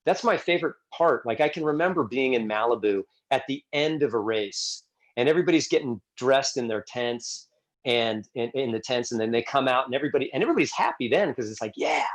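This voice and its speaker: A man co-hosting a podcast, telling stories in a lively way, often repeating words, in casual chat. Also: medium pitch, brisk. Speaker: podcast co-host, gym coach.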